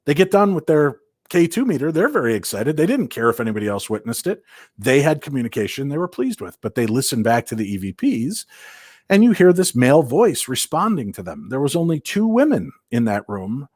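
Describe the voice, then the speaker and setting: A man from Minnesota telling paranormal investigation stories as an interview guest, animated and acting out quoted voices. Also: mid-range voice, a little fast, no echo, studio quality. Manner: lively, acts out quoted voices, many restarts.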